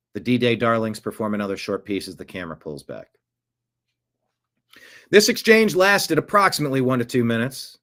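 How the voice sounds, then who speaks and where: A man's voice: mid-range voice, fairly bright tone. A man delivering political commentary, emphatic and indignant.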